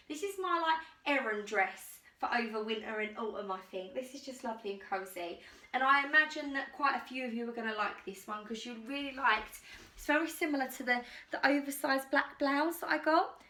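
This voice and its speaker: A YouTuber with an English accent rambles casually through a clothing try-on haul indoors at home, poking fun at herself and sounding a bit out of breath. Her voice is high-pitched and fairly bright.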